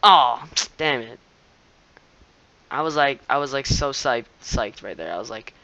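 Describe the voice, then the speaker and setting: Excitable young man commenting on a game. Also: mid-range voice, moderate pace, no room sound, muffled recording. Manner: excitable, laughs often, shouts at opponents. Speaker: gameplay commentator. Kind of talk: live gameplay commentary.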